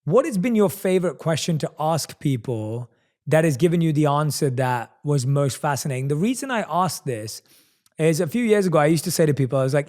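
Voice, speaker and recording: A man's voice: on the high side, animated, brisk, a little mellow. A man hosting a podcast interview, enthusiastic and affirming as he asks questions. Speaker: podcast host. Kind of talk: conversational interview.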